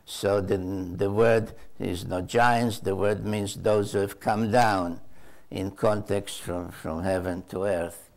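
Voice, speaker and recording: Slow, gravelly older man. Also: fairly low pitch, fairly even intonation. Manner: hesitant, many uh fillers and repeated words. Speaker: author answering audience questions. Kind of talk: unscripted storytelling answer.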